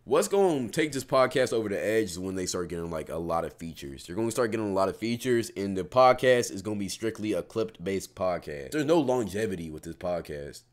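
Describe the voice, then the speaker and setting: A man's voice: low-pitched, expressive, a little fast, few pauses. A man chatting casually and bluntly, heavy with slang, reacting alongside a host. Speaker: co-commentator. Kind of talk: casual chat.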